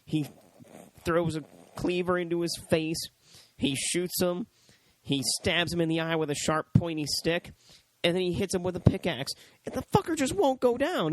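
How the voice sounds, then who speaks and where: A man co-hosts a casual movie review in a dry, close-sounding room. He talks in an animated, profane way and often breaks into high squeaky impressions of characters. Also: no room sound, low-quality recording. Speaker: podcast co-host.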